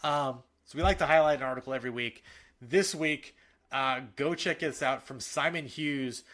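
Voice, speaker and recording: A man co-hosting a casual sports podcast. He talks in an animated, opinionated way and often restarts his sentences. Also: mid-range voice, moderate pace. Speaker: podcast co-host.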